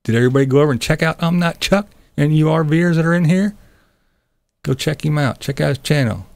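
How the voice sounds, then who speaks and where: A man's voice: on the high side, fast talker, vocal fry, darkish tone, dry recording. A middle-aged man hosting a live stream, chatting casually with viewers in a blunt, sarcastic way, swearing and laughing often. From Pennsylvania.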